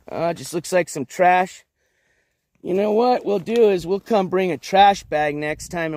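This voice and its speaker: Man, high voice, casual walk-and-talk streamer, coaxes his dogs, outdoor riverbed with dogs around. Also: a little mellow, no echo. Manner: chatty, coaxing his dogs in a raised voice. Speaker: livestream host. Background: dogs moving about outdoors.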